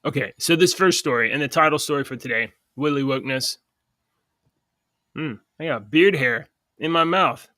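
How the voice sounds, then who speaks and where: An upbeat man hosts a podcast and rambles through stories with plenty of fillers. His voice sits a little high and sounds bright. The recording is dry and close. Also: normal speed, no echo. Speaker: podcast host. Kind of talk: casual chat.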